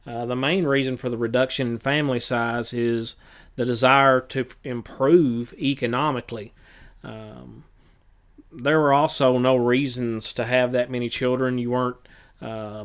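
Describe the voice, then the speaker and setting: A male teacher reviews material ahead of an exam in a smooth, clear voice at an ordinary middle pitch. He speaks plainly and matter-of-factly, stopping often on fillers as he works through his list. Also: fairly even intonation. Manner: halting, many filler pauses; plain, matter-of-fact instruction. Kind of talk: test review lecture.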